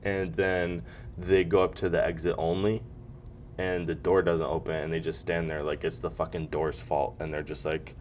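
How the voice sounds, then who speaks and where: This deep-voiced man, a little mellow and flat in delivery, speaks at a moderate pace. He's the host of a solo podcast, ranting and joking casually with heavy profanity and mocking impressions.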